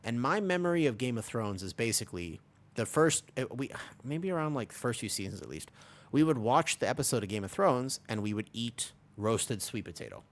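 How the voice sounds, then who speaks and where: A man's voice: medium pitch, very animated, fairly quick. A man in his twenties chatting casually on a live stream, rambling and restless, full of restarts and the odd swear word. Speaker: Twitch streamer.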